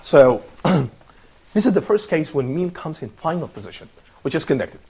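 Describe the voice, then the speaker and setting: A man's voice: a little high, sing-song, normal speed, creaky, dark tone, a little hiss or hum. A man teaching an online Arabic lesson, patient and encouraging, repeating words and praising his students.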